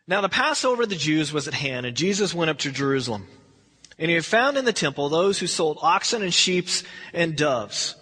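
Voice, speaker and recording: A man's voice: high voice, fairly bright tone, husky. A man teaching a verse-by-verse Bible study, telling the story in a rambling, conversational way. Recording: long hall reverb.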